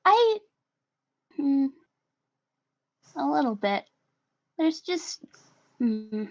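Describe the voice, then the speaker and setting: A woman's voice: high voice, sing-song, gravelly, darkish tone, no echo, voice pushed up, heavily acted. Woman playing a sheepish, timid young woman. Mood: small, worried. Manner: hesitant, halting with hums. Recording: slightly muffled recording.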